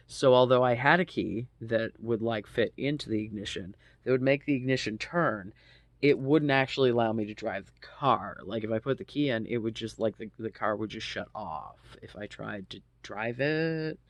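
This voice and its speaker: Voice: mid-range voice, normal speed, no room sound. An adult in their thirties casually telling a personal story, rambling with lots of ums and asides and swearing freely.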